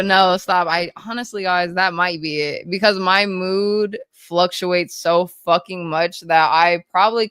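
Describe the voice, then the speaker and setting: A woman livestreaming, reading chat messages aloud in a hyper, rapid-fire, casual way with frequent swearing. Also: on the low side, fairly bright tone, smooth, no echo.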